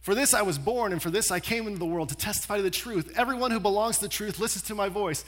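A man voicing a calm, composed teacher figure who speaks in a measured, quiet way. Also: sits high.

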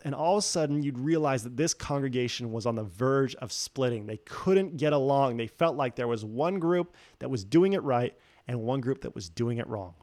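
A man's voice: mid-range voice, no room sound, clean studio sound. A man preaching a sermon, telling a story with jokes and acting out the quoted voices. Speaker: pastor.

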